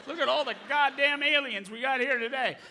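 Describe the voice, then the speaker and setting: A man doing an excitable, profane stand-up set on a large theatre stage, riffing on the crowd. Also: very high-pitched, a little fast, slight background noise. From Canada. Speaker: stand-up comedian. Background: audience laughter.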